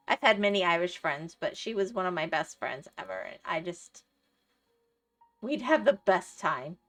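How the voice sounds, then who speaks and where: A woman's voice: fairly low pitch, animated, unhurried, long pauses, a bit bright, soft background music. A middle-aged woman livestreaming, chatting casually and rambling through stories, laughing often and answering her chat. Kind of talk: casual chat while gaming.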